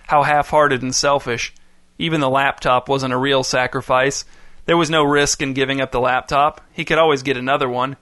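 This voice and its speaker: Bright, dry-voiced male storyteller. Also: mid-range voice, no echo. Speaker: narrator. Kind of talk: scripted narration.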